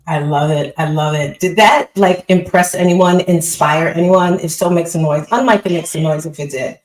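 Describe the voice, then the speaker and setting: A woman's voice: on the low side, moderate pace, echoey room, rough recording. A woman hosting a live online call as a business coach, giving an upbeat, emphatic motivational talk and repeating phrases.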